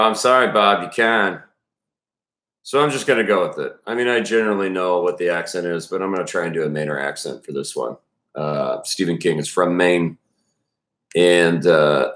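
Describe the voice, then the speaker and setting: A man from Texas with a very low voice, talking casually and at length as host of a read-aloud. He rambles, restarts his sentences and swears freely. The room gives his voice a roomy echo. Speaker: host reading a novel aloud with commentary. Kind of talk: casual spoken commentary.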